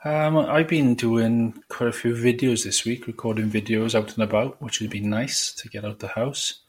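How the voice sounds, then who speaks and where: A man's voice: mid-range voice, fairly even intonation, moderate pace, husky. A young man co-hosting a casual podcast, chatty and a little hesitant with frequent ums. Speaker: podcast co-host. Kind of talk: casual chat.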